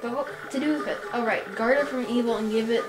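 A woman's voice: fairly high pitch, fast, lightly acted. A woman doing a cranky old tribal elder. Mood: scolding. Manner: scolding, gruff, forgetful. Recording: roomy with game music behind.

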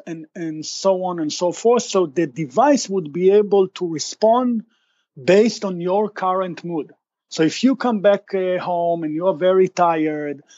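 High-voiced man explaining in a dull, dry recording. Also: darkish tone, dry recording. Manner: explanatory, many restarts and fillers. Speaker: startup founder guest. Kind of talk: podcast interview.

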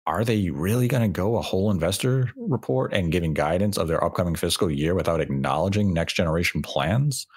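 A man hosts a casual podcast discussion in a low, husky voice. He explains his reasoning at length and lays out his points analytically. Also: expressive, fairly quick, few pauses, a little mellow. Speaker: podcast host.

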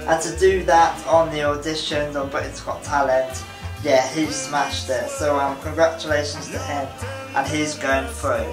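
A man's voice: on the high side, steady tone, a little slow. A man giving an enthusiastic, casual video review of talent show acts, often repeating his praise. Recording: roomy sound with music behind.

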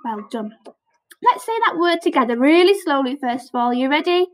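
A woman teaching a phonics lesson to young children on camera, sounding out letters slowly with lots of praise. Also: high-pitched, animated, low-quality recording. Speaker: primary school teacher.

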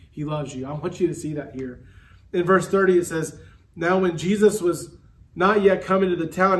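A male pastor preaching a sermon earnestly, slowing and dropping low on key words. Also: a little mellow, distant mic. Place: church sanctuary.

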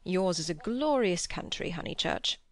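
A woman's voice: on the low side, animated, normal speed, lightly acted. A woman reading as an earnest old philosopher. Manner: earnest, lecturing.

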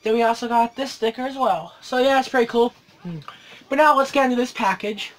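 A man's voice: very high voice, fairly quick. A teenage boy unboxing a collectible toy on his vlog, swearing constantly and ranting angrily between mumbled hums. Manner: profane angry ranting.

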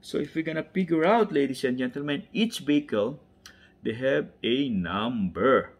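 A man with a non-native English accent unboxing toy cars, enthusiastic and repetitive, often dropping into soft whispers. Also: mid-range voice, expressive, moderate pace. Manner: drops to soft whispers while handling toys; enthusiastic, repeats words, addresses "ladies and gentlemen". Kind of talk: unboxing commentary.

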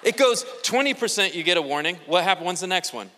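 A male pastor preaching a sermon to a congregation, animated and joking, with playful asides to the crowd. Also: sits high, fast talker, slight background noise. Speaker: guest pastor. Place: church sanctuary. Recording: long reverb of a large church hall.

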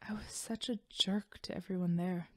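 A woman's voice: medium pitch, normal speed, no room sound, clean studio sound, lightly acted. A woman voicing a guilt-ridden young warrior. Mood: troubled. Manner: earnest, uncertain confiding. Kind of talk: audiobook voice acting.

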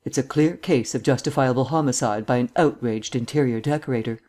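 A man reading an audiobook, voicing a languid, erudite gentleman detective who drawls and teases in florid phrases. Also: mid-range voice, brisk, close to an everyday voice. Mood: teasing. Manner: florid, teasing, quotes poetry.

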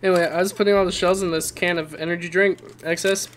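A man's voice: high voice, fairly even intonation, fast, a little hiss or hum. Playful young man gaming with friends. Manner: playful, jokey, mock-announcer outbursts. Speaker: channel host and player. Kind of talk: casual gaming chat.

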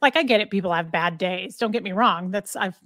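A woman's voice: medium pitch, fairly quick, fairly bright tone, dry recording. Chatty woman streamer, dry sound. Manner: chatty, storytelling, cooing to her dog. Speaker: livestream host. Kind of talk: casual livestream chat. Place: home.

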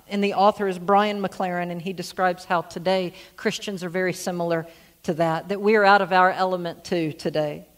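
A man's voice: sits high, a bit bright. A man, a senior pastor preaching a sermon and telling a story, who repeats words as he restarts.

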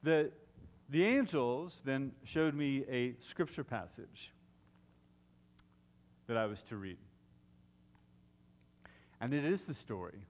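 A male pastor preaching in a church sanctuary. He takes his time and tells the story with drama, sinking into hushed tones for effect. His voice trails off in a long, ringing church reverb. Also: medium pitch. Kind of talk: Easter sermon.

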